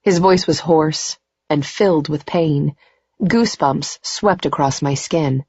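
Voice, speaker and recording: Woman narrator, low pitch, husky tone, intimate romance audiobook, dry dull recording. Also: takes it slowly, darkish tone, no room sound. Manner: intimate, emotional, rising to tearful in dialogue.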